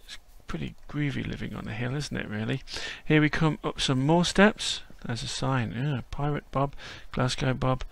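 A man's voice: medium pitch, normal speed, creaky, hardly any pauses, a bit bright, no echo. A man narrating a casual walkthrough as host, chatty and whimsical.

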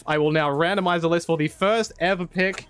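A man's voice: on the high side, fairly even intonation, fairly quick, fairly bright tone, a little hiss or hum. An Australian man hosting a casual gaming video, upbeat and teasing, laughing often. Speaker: host.

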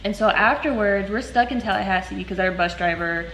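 A woman's voice: medium pitch, a little fast, fairly bright tone, reverberant, a little hiss or hum, rough recording. A young woman telling a story in casual chat, chatty and giggly. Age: young adult.

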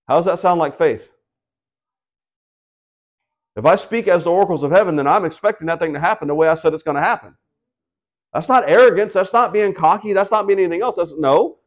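High-voiced man preaching conversationally. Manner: conversational preaching, acts out quoted voices, asks the congregation questions. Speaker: pastor. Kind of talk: sermon.

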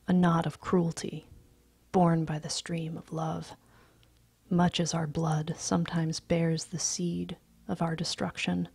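Woman story reader, hushed breathy delivery, gravelly, low flat voice. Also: no echo. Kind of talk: soft-spoken story reading.

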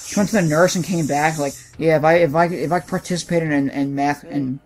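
A man's voice: on the high side, fairly even intonation, fairly quick. A young man playing a game on a let's-play, telling a rambling story full of fillers and swearing. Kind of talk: casual gaming chat.

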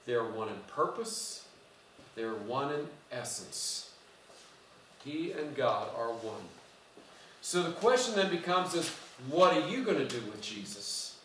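A man's voice: medium pitch, very animated, a little slow, a bit bright, slight background noise. A man preaching a conversational sermon in a church, quizzing the congregation as he goes. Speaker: pastor. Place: church sanctuary. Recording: echoey church from far off.

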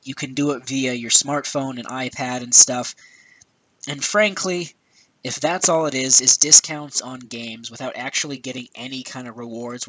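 An exasperated man rants into a headset, cursing freely and sighing between points. His voice is bright and forceful at a middle pitch. The sound is very dry with faint static. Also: no echo, poor audio. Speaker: gaming video host. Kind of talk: angry rant. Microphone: new headset.

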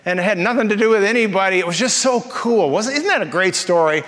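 High-voiced joking pastor in a hall. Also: male voice, fast. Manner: jokey, animated storyteller. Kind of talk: humorous sermon storytelling. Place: church auditorium. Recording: reverberant church hall.

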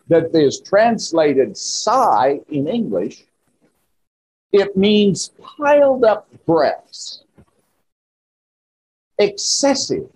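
Pastor, male; slow, husky sermon delivery, pitch climbing on emphasis. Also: a little mellow, rough recording. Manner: slow, emphatic preaching with rising exclamations. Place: church.

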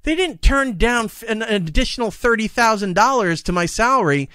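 Animated man with a lively voice. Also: high-pitched, fairly quick, clean tone, no echo, clean studio sound. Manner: animated storytelling, acting out dialogue; emphatic, exasperated about work demands. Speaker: podcast guest, radio broadcaster. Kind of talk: casual podcast conversation.

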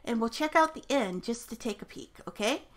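A woman's voice: a little high, lively intonation, fairly quick. A woman hosting a casual let's-play, chatty and upbeat, narrating each step of the game aloud. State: hiccups. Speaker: gaming channel host. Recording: faint music behind.

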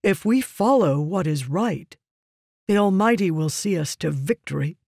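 A man's voice: high-pitched, expressive, unhurried, vocal fry, a little mellow, no echo, clean studio sound, full character voice. A man voicing a stern, honor-bound male guard captain who speaks firmly and earnestly. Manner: firm, raised, earnest.

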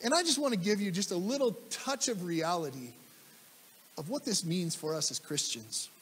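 A man's voice: high voice, expressive, moderate pace, a bit bright, big-room sound, a little hiss or hum. A man preaching a sermon as pastor, emphatic, repeating key phrases and putting questions to the congregation. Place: church sanctuary.

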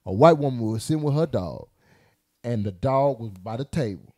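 A man telling a story on a casual podcast, loud and animated, with plenty of cursing. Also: medium pitch, normal speed. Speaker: podcast host.

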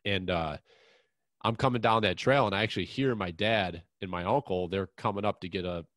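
A man's voice: deep voice, fairly quick, fairly bright tone, no echo. A man hosting an outdoors podcast, telling a long hunting story in a frank, rambling way with mild swearing. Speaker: podcast host. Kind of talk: casual chat, long personal anecdote.

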